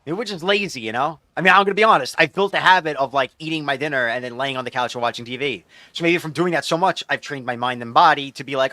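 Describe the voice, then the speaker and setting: Bright, chatty male game streamer. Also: mid-range voice, quick pace, few pauses, no room sound. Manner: rambling, loose and chatty with many fillers. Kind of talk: casual chat while gaming, reading viewer chat aloud.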